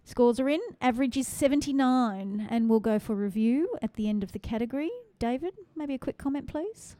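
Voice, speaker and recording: A woman's voice: fairly high pitch, fairly quick, warm tone. A woman with a Western Sydney Australian accent hosting a live-streamed photography judging, calling scores and chatting with the audience. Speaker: photography awards host.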